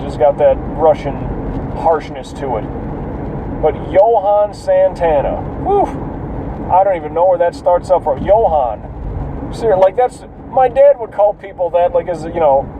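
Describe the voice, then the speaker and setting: Man, high voice, casual profane vlog ramble, noisy car recording. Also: lively intonation, a little slow. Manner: rambling, profane, many fillers. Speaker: vlogger.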